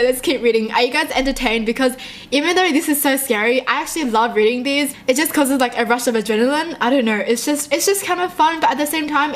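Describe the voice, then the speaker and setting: A young woman reading short horror stories aloud and reacting in a jumpy, excitable way, often laughing. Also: high-pitched.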